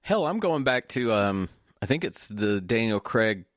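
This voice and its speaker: A man's voice: lowish voice, big pitch swings, a little slow, no echo, studio quality. A man co-hosting a podcast in casual chat, frank and joking, steering the conversation. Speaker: podcast co-host.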